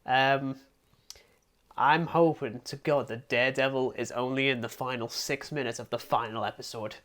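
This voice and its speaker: A man's voice: mid-range voice, fairly even intonation, normal speed, a bit bright. Rambling English man co-hosting a podcast. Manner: rambling and self-deprecating, with frequent "um"s and laughs. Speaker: podcast co-host. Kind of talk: casual film review chat.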